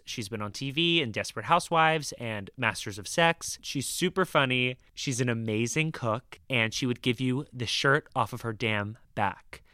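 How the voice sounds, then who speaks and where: Bright-voiced teasing male host. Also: medium pitch, smooth, no room sound, studio quality. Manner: teasing, laughs easily. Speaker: podcast host. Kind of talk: casual chat and scripted intro.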